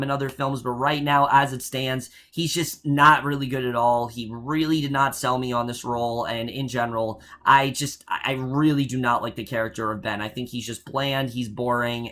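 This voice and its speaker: A man's voice: mid-range voice, bright, forceful tone. A man reviewing a film in a casual spoken style, blunt and opinionated, with frequent ums and uhs. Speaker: movie reviewer.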